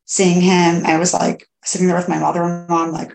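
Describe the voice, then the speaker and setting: A woman in her thirties tells her own story in a halting, candid way, stopping and restarting and leaning on fillers. Her voice sits low and carries a gravelly edge. The recording has the echo of a bare room. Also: flat delivery, a little mellow, soft background music. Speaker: podcast guest. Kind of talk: candid personal interview. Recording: echoey room.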